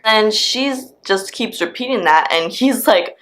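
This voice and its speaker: A woman in her twenties telling a storytime vlog, in a casual, profane and animated way. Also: lowish voice, moderate pace. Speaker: vlogger.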